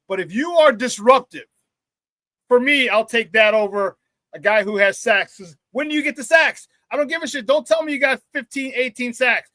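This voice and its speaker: A man's voice: very high-pitched, pushed and bright, no room sound. A man hosting a live sports talk stream, reading chat comments and ranting bluntly, often laughing at his own jokes. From Chicago area.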